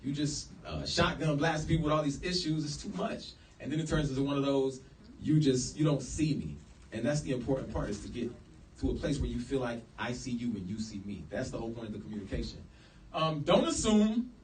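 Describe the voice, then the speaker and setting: In an echoey room with a distant mic, a man speaks fast in a mid-range voice, giving a casual lecture to a live crowd. He's animated and slangy, acting out quoted lines, and there's slight background noise.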